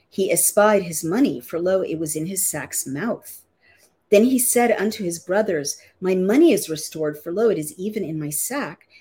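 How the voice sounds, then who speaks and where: A woman reading an old Bible passage aloud and pausing to explain the archaic words in plain modern phrasing. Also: sits low, darkish tone, slightly rough. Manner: reads archaic verses, then restates them in everyday words. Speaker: Bible teacher. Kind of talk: reading scripture aloud with plain-language glosses.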